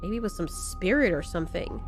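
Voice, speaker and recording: A woman narrating a scripted horror story in a slow, measured way with dramatic pauses. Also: on the low side, expressive. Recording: faint background music.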